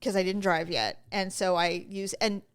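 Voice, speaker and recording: A woman's voice: medium pitch, moderate pace, smooth. A woman in her fifties co-hosting a podcast, telling stories in casual chat and acting out the quotes. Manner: animated storytelling, acts out quotes. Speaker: podcast co-host.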